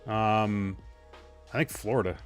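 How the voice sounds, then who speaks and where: A man's voice: fairly low pitch, steady tone, takes it slowly, over loud music. A man hosting a casual sober-living livestream while he paints miniatures, chatty and joking, often distracted by chat and family. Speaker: podcast host.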